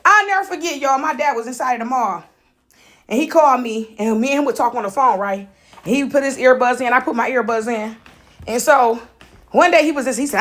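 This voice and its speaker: High-voiced animated woman storyteller. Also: fast. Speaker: preacher storyteller. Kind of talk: casual spiritual testimony.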